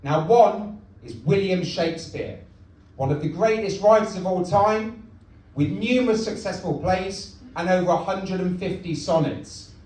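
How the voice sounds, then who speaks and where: A young man doing a stand-up comedy set in a comedy club, deadpan and self-mocking. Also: high-pitched, measured pace. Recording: echoey club from far off.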